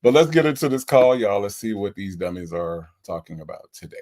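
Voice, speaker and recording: A man's voice: lowish voice, lively intonation, fairly quick, dark tone. A man hosting a show, casually reading viewer comments and reacting with laid-back exasperation. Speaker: host reviewing a recorded call.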